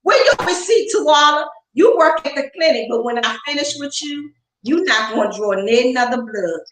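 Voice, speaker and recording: A woman's voice: high voice, expressive, moderate pace, a bit bright. A woman speaking as an interview guest, ranting in a heated, profane, confrontational way with lots of emphasis. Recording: roomy echo.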